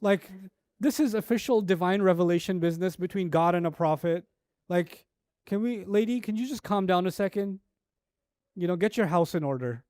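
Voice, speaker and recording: A man's voice: high voice, normal speed, darkish tone, clean tone, no room sound, close to an everyday voice. A man playing a male angel messenger who is politely exasperated and pleading in a mock-formal way, mixed with casual asides. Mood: exasperated politeness.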